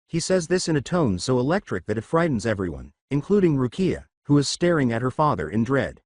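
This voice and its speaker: Dry, lively male story narrator. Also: mid-range voice, brisk, few pauses, no echo. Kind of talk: scripted fan-fiction narration.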